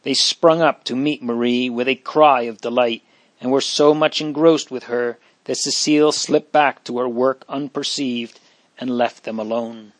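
Steady man reading a story, dry close sound. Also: medium pitch, a little slow, dry recording. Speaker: audiobook reader. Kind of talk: storybook narration.

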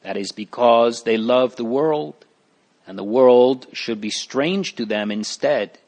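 A solemn, reflective pilgrim gives a warning slowly, read by a man. The storybook voice is mid-pitched and unhurried. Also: a little mellow. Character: solemn thoughtful male pilgrim.

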